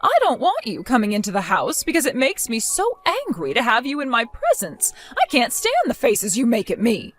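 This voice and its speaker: A woman's voice: fairly high pitch, wildly swooping pitch, normal speed, few pauses, soft background music. A woman playing a scornful, bossy older mother-in-law. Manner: insulting, accusing, domineering.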